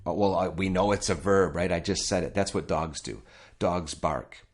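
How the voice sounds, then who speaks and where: A man hosting a spoken English lesson, chatty and addressing listeners directly, repeating words slowly for learners. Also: sits low, breathy edge. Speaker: English teacher, podcast host.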